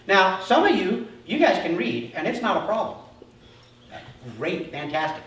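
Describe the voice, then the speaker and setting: A man's voice: sits high, very animated, a little slow, fairly bright tone, slight background noise. A male pastor preaching a conversational sermon, acting out little dialogues as he goes. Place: church sanctuary. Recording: echoey church hall, mic far off.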